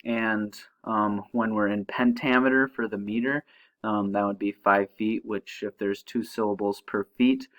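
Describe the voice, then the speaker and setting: A young man teaching a high school English lesson over slides, talking casually and checking in with "okay?" as he explains. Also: fairly even intonation, a little slow, a bit bright, rough recording. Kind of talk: recorded slide-show lesson.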